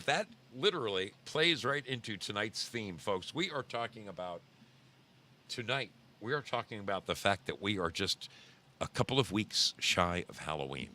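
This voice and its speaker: Low-voiced rambling male podcast host. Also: pushed and bright. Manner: rambling, emphatic, repeats himself for effect. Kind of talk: casual storytelling monologue.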